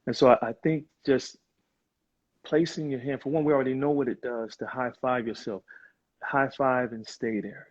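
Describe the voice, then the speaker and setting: A man's voice: mid-range voice, fairly even intonation, moderate pace. Earnest man on a muffled call. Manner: earnest, reflective, with many fillers. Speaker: guest on a live video chat. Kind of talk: casual conversation. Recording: muffled, lo-fi video call audio.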